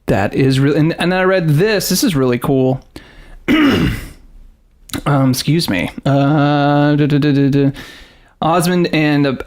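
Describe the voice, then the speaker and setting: A man's voice: on the high side, takes it slowly, pauses often. A man hosting a casual podcast chat, telling stories with lots of laughter and reading facts aloud. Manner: animated storyteller, laughs often, reads facts aloud. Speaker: podcast host.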